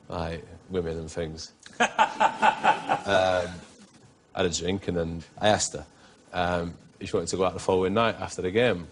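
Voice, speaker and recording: A man's voice: low voice, a little hiss or hum. A middle-aged man, telling anecdotes as a guest in a TV interview and laughing often.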